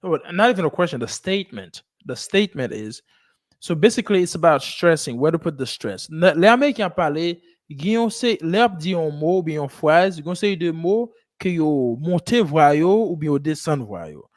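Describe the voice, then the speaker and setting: Male English teacher, slightly high voice, dry close sound, patient live-lesson coaching. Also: expressive, no echo. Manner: coaching, repeats phrases slowly, mixes Haitian Creole and English.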